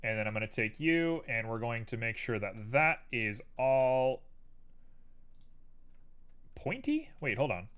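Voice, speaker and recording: A man's voice: medium pitch, normal speed, hardly any pauses, a bit bright, smooth. A man hosting a live stream, casually chatting and thinking aloud to viewers as he builds a 3D model.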